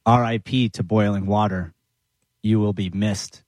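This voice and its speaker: A man joining radio studio banter, giggly and slow-spoken. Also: fairly low pitch, fairly even intonation, a little mellow, dry recording.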